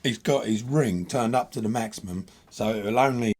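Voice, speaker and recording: A man chats bluntly through a gear demo, explaining with lively, animated energy. His voice is husky with a slightly rough edge, and he sounds like a host talking to his viewers. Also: on the low side, normal speed. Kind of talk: casual gear demo chat.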